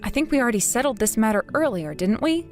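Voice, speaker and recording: A tired grown daughter, voiced by a woman, speaks bluntly and coldly, her pitch moving a lot. She sounds firm and done with her family's demands. Faint music plays underneath. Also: expressive, quick pace, darkish tone, close to an everyday voice. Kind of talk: text-story voice acting.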